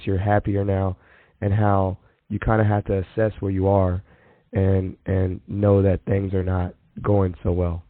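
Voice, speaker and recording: A man's voice: on the low side, no echo. A man hosting a casual podcast chat, easygoing, stumbling over words and laughing at himself. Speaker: podcast host. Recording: phone-like narrow sound.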